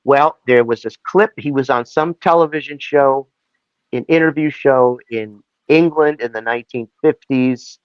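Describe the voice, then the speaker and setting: This male actor guest tells rambling, lively stories in a casual interview chat, sometimes breaking into voices. His clear, resonant, medium-pitched voice moves at a moderate pace, though the audio is dull with no room sound.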